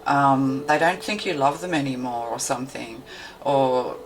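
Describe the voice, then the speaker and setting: A woman's voice: a bass voice, fairly even intonation, unhurried, faint music behind, poor audio. A woman tarot reader giving a meandering, intuitive card reading, thinking aloud with many fillers.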